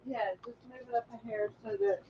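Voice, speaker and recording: A woman's voice: a little high, animated, fairly quick, slightly rough, muffled recording. Chatty woman co-hosting a home livestream. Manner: chatty, reads viewer comments, yawning. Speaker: co-host of a livestream. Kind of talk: casual chat.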